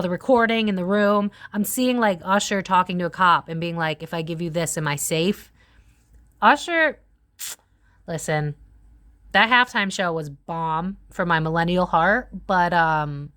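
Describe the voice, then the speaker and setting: A woman in her thirties chats through a tarot reading in a casual, rambling way. She leans on fillers and lets her pitch jump around as she thinks aloud. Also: clean tone. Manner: chatty, filler-heavy, animated pitch swings. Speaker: tarot reader. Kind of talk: casual psychic reading monologue.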